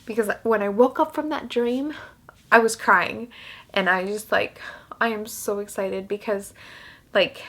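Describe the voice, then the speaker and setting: A woman's voice: medium pitch, measured pace, fairly bright tone. A young woman vlogging casually, rambling with many fillers and restarts while she cries. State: crying. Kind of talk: emotional casual vlog talk.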